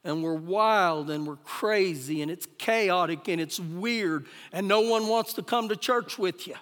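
Preacher guy, really high voice, swings loud then quiet, big church echo. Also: a little slow. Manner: emphatic preaching, rises loud then drops soft. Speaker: pastor. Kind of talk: sermon. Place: church sanctuary. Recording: live church recording with long hall reverb.

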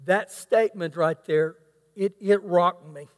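A man's voice: high-pitched, a little slow. A man preaching a sermon, reading scripture aloud and adding emphatic asides. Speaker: pastor. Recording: long hall reverb.

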